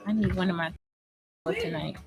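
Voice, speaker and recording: Rambling, low-voiced woman podcast host. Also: moderate pace, creaky, heavy background noise. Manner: rambling, profane, chatty with listeners. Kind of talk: casual livestream podcast chat.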